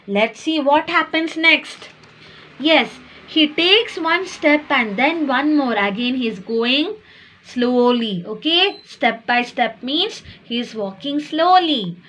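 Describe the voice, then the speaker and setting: Slow high-voiced woman teacher. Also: animated, a bit bright, slight background noise. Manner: explains words, asks the children "okay?". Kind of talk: reading a story lesson to young children.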